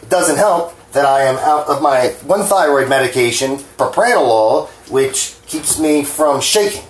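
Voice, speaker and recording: A home cooking vlogger from New Jersey rambles casually while he cooks in his kitchen, frank, profane, and self-deprecating, his hands a little shaky. His medium-pitched voice is expressive and unhurried, and the kitchen sounds echoey with faint clatter.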